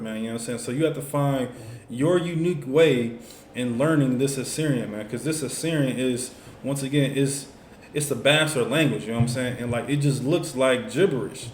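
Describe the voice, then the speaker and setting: A man's voice: mid-range voice, a little fast. A man teaching a class in a loose, conversational way, full of fillers and asides. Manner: loose, conversational, many fillers like "you know what I'm saying". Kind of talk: casual classroom instruction. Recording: echoey room with faint noise.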